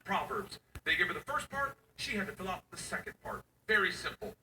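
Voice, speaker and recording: A stand-up comedian with a high voice, telling animated stories that leap into loud high bursts and swearing. He sounds set back from the mic in a roomy, echoing space. Steady noise runs under his voice. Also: a little fast. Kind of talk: stand-up storytelling. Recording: roomy, distant, noisy room recording.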